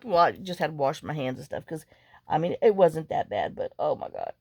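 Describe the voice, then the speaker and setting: A woman's voice: low voice, huge pitch swings, moderate pace, a little mellow, dry recording, clean studio sound. A woman vlogger chatting casually while making a journal, rambling through stories and muttering to herself as she works. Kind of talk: casual chat while crafting.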